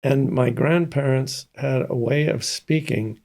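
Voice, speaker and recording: An older man from Mississippi, telling stories slowly and thoughtfully as an interview guest. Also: mid-range voice, a little mellow. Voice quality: gravelly and husky. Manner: slow, thoughtful storytelling with many pauses. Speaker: guest, pianist and composer. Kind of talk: casual interview talk.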